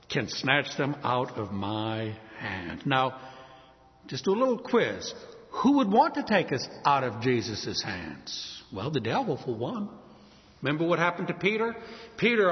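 Animated preacher in a reverberant hall. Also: male voice, sits high. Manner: emphatic, rising on key words. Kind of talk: sermon. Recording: dull sound with long hall reverb.

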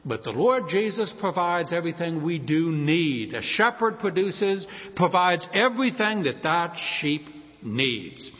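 A man preaching a sermon, his voice somewhat high and swinging widely up and down as he tells homely stories. The sound is a little dull and lo-fi, with a long reverb trailing behind him. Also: a little slow. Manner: folksy, storytelling, lively pitch.

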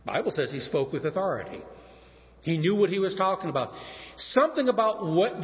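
An older man from Texas preaching a sermon, earnest and emphatic, with dramatic pauses and strong stress on words. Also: high-pitched. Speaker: pastor. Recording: muffled sound in a reverberant hall.

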